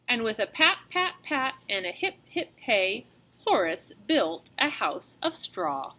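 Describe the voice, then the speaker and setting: A woman reading a children's storybook aloud in an expressive, animated way, as a teacher. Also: a little high, slow.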